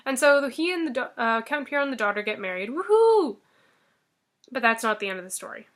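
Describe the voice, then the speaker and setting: A woman's voice: a little high, quick pace, fairly bright tone. A woman casually retelling a fairy tale, joking and chatty with plenty of filler words. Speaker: storyteller.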